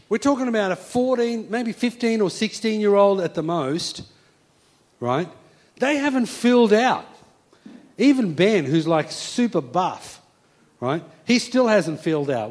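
Young male preacher, high voice, animated storyteller; acts out the scenes. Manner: lively, acts out voices, casual phrasing.

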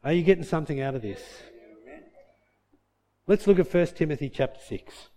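A male preacher with a fairly high voice, delivering a sermon. His delivery swings widely, sinking to hushed, low lines and then climbing to shouted peaks. He tells stories with a preacher's rhythm. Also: animated, moderate pace. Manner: storytelling, shifting between soft low passages and loud shouted peaks.

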